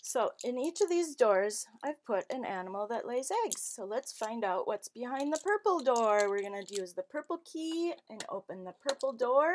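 A woman's voice: on the high side, lively intonation, normal speed, hardly any pauses, darkish tone, a little hiss or hum. Sing-song woman teaching little kids. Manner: sing-song, exaggerated questions and gasps for kids. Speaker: children's storytime presenter. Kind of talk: teaching young children.

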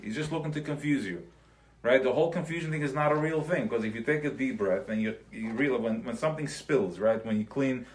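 A man's voice: mid-range voice, fairly quick. A man teaching a live class in a loose, conversational way, mixing in Yiddish terms, checking in with his listeners and acting out everyday examples. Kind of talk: live recorded Chassidic class.

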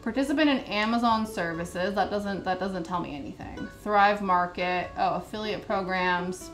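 A woman's voice: mid-range voice, moderate pace. A woman vlogger chatting casually as she reads a recipe list, with sarcastic, indignant commentary. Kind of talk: casual chat while reading a recipe list. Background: soft background music.

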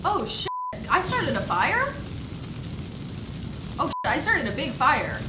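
A woman with a slightly high voice gives lively let's-play commentary, talking as though she were her own game character. The recording has a roomy echo and clear noise underneath. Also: a little slow. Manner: breaks into loud panicked shrieks and laughter.

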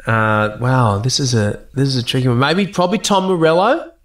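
An Australian man, a guest actor and musician, chatting casually in an interview, telling lively stories, laughing and swearing freely. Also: medium pitch, moderate pace. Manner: animated storyteller, laughs often, swears casually.

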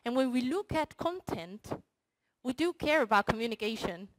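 In a university hall before an audience, a woman researcher gives a short, playful talk about her project, addressing listeners directly. Her voice is fairly high and expressive at a normal speed, captured in a rough recording.

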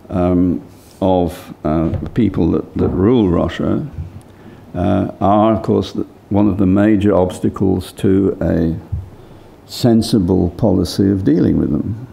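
Slow, gravelly low-voiced older man. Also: mellow. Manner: hesitant, many fillers and restarts. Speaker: lecturer. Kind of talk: impromptu academic remarks.

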